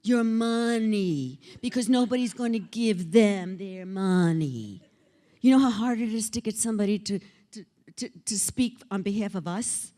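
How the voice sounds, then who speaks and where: A woman's voice: mid-range voice, a little slow, dark tone. An older woman giving a conference keynote, theatrical and teasing, acting out the voices she quotes. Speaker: keynote speaker. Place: conference hall before an audience.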